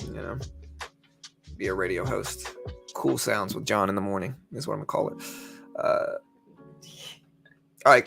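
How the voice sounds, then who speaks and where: Young man, trading stream host, quick casual commentary, gravelly voice. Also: mid-range voice, a bit bright. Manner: fast, chatty, gravelly delivery with quick ad reads. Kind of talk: live market commentary.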